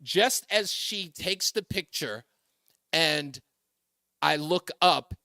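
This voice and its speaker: A talk radio host tells a story with lots of energy, jumping up high when he quotes other people and laughing between lines. His voice is high and bright for a man. It is recorded close and dry on a studio mic. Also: animated, slow pace, dry recording.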